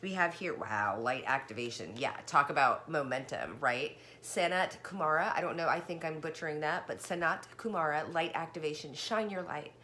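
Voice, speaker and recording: A woman giving a casual tarot reading, chatty and excited, talking straight to the viewer and a little out of breath. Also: deep voice, normal speed, hardly any pauses, slight background noise. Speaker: tarot card reader.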